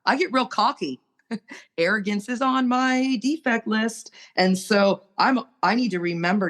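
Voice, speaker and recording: A woman's voice: on the low side, measured pace. A woman sharing on a recovery podcast, earnest and preachy as she urges listeners on. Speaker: recovery group member.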